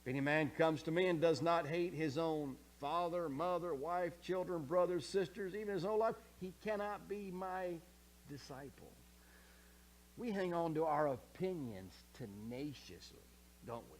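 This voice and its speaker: A man preaching a sermon as pastor, conversational, often checking in with the congregation, swinging from soft asides to loud emphatic scripture quotes. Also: a little high, unhurried. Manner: animated, conversational preaching with frequent check-ins.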